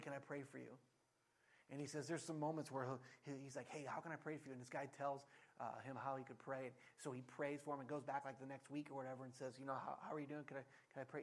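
A man in his thirties preaching a sermon in a conversational, animated way, acting out quotes. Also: a little high, husky. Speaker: pastor.

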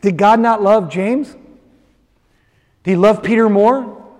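Slow and darkish, the pastor's voice sits high as he delivers his sermon. He gives a story's characters their own voices before addressing the congregation head-on, all within a large hall's long reverb.

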